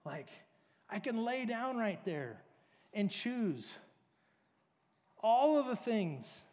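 A man's voice: very high voice, very animated, slow pace, a little mellow. A man preaching a casual, conversational sermon, telling stories with lots of fillers. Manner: casual, filler-heavy, storytelling. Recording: long reverb of a large hall.

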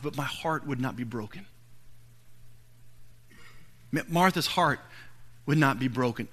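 A man preaching a sermon, earnestly building to pointed rhetorical questions and then falling to a hushed, quiet delivery. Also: medium pitch. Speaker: pastor.

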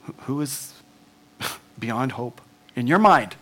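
A male pastor giving an animated sermon, laughing often and sinking to near whispers at times. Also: medium pitch, takes it slowly, a little hiss or hum.

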